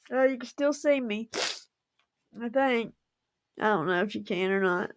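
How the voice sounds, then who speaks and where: A woman's voice: high-pitched, dry recording, studio quality. A woman, hosting a casual livestream and chatting effusively with frequent giggles. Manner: effusive and giggly, laughs often. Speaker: livestream host.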